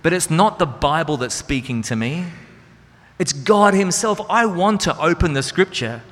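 His voice is on the high side and fairly bright, with lively intonation at a normal speed. The man, a Christian speaker and singer, gives an earnest, conversational sermon with rhetorical questions, recorded in a reverberant hall over music.

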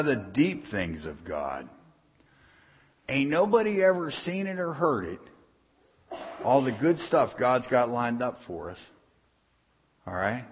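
A man delivers a casual, punchy sermon in a husky voice, swinging widely in pitch as he presses his points. He keeps checking in with the congregation in a plain-spoken, folksy way. The sound is dull and lo-fi, with a long reverb trailing through a hall. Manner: folksy, punchy, keeps asking the crowd "are you hearing me". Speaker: pastor.

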